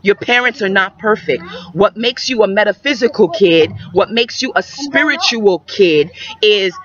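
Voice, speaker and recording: A woman's voice: medium pitch, lively intonation, moderate pace, fairly bright tone. A woman giving emphatic, repetitive spiritual advice to young viewers in a preacherly way. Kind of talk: metaphysical advice talk. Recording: dull lo-fi recording.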